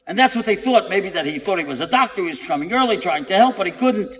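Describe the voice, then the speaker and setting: High-voiced man preaching in a reverberant hall. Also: expressive, fast talker, few pauses, fairly bright tone. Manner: dramatic storyteller, acting out quotes and building to emphatic peaks. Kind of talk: storytelling sermon.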